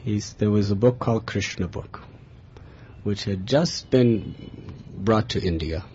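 A man recounts a personal spiritual journey in an earnest, storytelling way, with bursts of liveliness. His voice sits a little low. The recording is dull and lo-fi, with a faint hiss underneath. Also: a little slow. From America. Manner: earnest, animated in tellings, chuckling.

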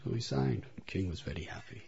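A man's voice: lowish voice, lively intonation, brisk, gravelly, darkish tone, slight background noise. A man telling a devotional story as a speaker in a religious talk, in a dull lo-fi recording.

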